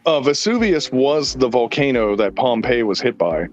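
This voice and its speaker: A podcast host tells rambling stories in casual chat, blunt and profane. His mid-range voice has lively intonation at a normal speed, and the recording sounds dull and lo-fi.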